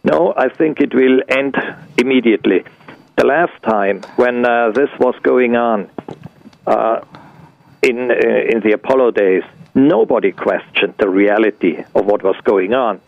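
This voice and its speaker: An older man from Switzerland answering as a radio guest, halting and full of fillers and restarts, on dull lo-fi radio audio. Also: medium pitch, vocal fry.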